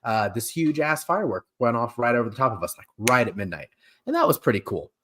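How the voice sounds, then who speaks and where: A man's voice: medium pitch, big pitch swings, fast talker, background noise. Joking male live-stream host. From California. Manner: jokey, laughing, rambling with fillers. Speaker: podcast host. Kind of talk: casual chat.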